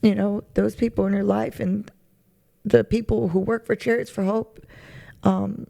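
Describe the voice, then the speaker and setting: Woman, testimony interview: gravelly, dark tone, halting and emotional. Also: mid-range voice, little pitch movement. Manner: halting, searching for words, many fillers. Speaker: charity recipient sharing her testimony. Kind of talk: heartfelt personal testimony.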